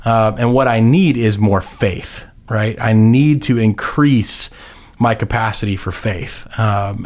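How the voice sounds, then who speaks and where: Rambling man pastor in a Bible chat. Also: fairly low pitch. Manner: rambling, many restarts and fillers, acts out quotes. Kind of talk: casual Bible discussion.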